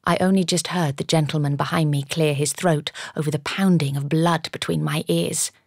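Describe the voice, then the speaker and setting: A woman narrating an audiobook in the first person, measured and storytelling, recorded on a studio microphone. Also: sits low, vocal fry, dry recording. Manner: measured storytelling with lively character dialogue.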